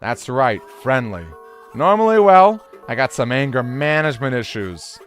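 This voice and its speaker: Grumpy male mole, put on by a man, bad New York accent, gruff scolding, tough-guy slang, lively swinging pitch, faint game music behind. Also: moderate pace, close to an everyday voice. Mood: scolding lecture.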